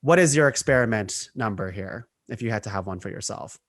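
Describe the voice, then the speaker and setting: A young man hosting a casual podcast chat, chatty and quick to laugh, often restarting his sentences. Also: on the low side, animated, a bit bright, no echo, studio quality. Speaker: podcast host.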